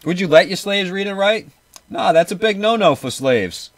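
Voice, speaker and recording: A man with a somewhat high voice talks casually on a radio show. He rambles, swears freely and tells stories with animation. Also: normal speed, a loud crowd. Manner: rambling, profane, animated storytelling. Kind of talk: casual chat.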